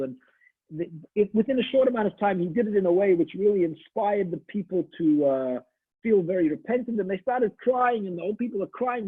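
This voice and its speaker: A man's voice: a little high, husky. A man, a rabbi, giving a holiday sermon in a conversational, storytelling way, often restarting his sentences. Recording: tinny phone-like audio.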